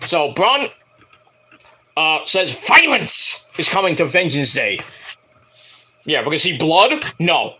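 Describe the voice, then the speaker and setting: A man's voice: a little high, expressive, normal speed, pushed and bright, slightly rough. A man reviewing a wrestling show in a casual, profane, rambling and jokey solo commentary.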